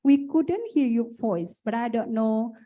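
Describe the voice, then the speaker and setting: A woman's voice: a little high, a little slow, mellow. A woman moderating an online conference, polite and apologetic, often repeating her questions.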